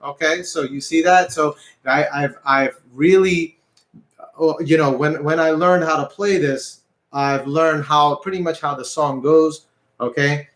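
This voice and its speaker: A man's voice: on the high side, fairly even intonation, measured pace, fairly bright tone, echoey room. A man teaching an online guitar lesson, patient and repetitive, counting beats aloud as he explains. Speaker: music teacher. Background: guitar playing.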